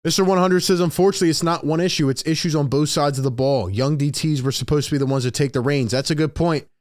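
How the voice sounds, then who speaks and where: A man's voice: a little high, quick pace, a little mellow, dry recording, studio quality. A man hosting a live-stream sports commentary, ranting in exasperation to his chat. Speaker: sports talk host.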